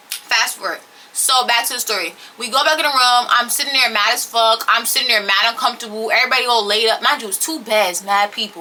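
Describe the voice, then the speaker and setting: A young adult woman telling a story casually to camera in an animated, emphatic, profane, slangy way, on a camera microphone. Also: on the high side, slight background noise. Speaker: storytime vlogger. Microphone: camera or phone on-board mic.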